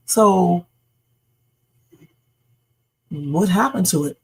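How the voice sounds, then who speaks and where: Streamer hosting a casual news chat live; rough, husky voice, talks loosely to viewers. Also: mid-range voice, a little slow, pauses often, darkish tone, low-quality recording. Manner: chatty, reacts to news and reads viewer comments. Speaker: livestream host. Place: home streaming setup.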